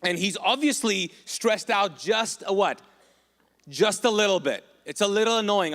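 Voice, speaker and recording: Pastor, male, slightly high voice, loose and animated delivery, long hall reverb. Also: unhurried. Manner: casual, joking, animated preaching. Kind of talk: sermon. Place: church auditorium.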